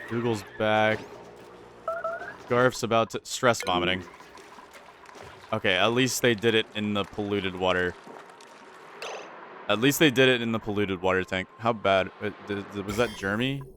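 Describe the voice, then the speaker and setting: A man with a fairly low voice commentates his own gameplay in a rambling, let's-play way. He gets frantic and repeats himself when things go wrong. A faint hiss sits under the recording. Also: a bit bright. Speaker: gaming channel host.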